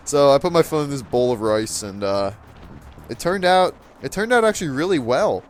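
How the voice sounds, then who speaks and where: A teenage boy who hosts a gaming channel casually tells a funny story over gameplay, laughing often and acting out what people said. His mid-range voice is expressive and moves at a moderate pace, with slight background noise.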